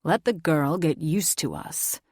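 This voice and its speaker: A steady, firm werewolf father, read by a woman narrator. His voice sits low and even as he calms others down. Close, dry studio sound. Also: measured pace, husky, no echo. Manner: steady, peacekeeping.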